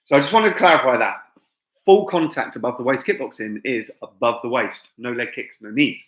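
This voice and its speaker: Chatty English man live-streaming. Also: medium pitch. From England. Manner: chatty, informal, with asides and fillers. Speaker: fight promoter and gym owner. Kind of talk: live-stream chat to viewers. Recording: echoey dull room sound.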